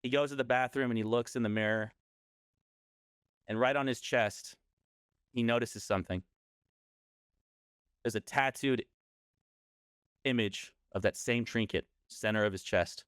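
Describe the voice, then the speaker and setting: A man's voice: medium pitch, measured pace, long pauses, a bit bright, clear, resonant tone, no room sound, clean studio sound. A man casually telling a scary story on a podcast, rambling and often correcting himself.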